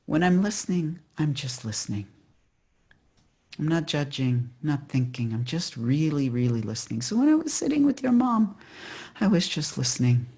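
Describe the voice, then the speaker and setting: A storyteller voicing a gentle, wise old Hasidic rebbe, a man who speaks softly, patiently and without hurry, with a gravelly, husky voice. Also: medium pitch, heavily acted. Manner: soft, patient and unhurried.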